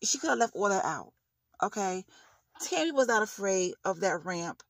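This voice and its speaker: A woman's voice: medium pitch, lively intonation, moderate pace, no room sound. A woman vlogger giving blunt, heated commentary on a reality show, ranting in casual slang.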